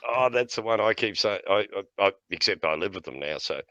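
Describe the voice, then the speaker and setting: A man's voice: on the low side, lively intonation, fairly quick, bright, forceful tone, no room sound, highs cut off. A middle-aged man telling blunt, profane stories in casual chat, often laughing between lines. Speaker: podcast host.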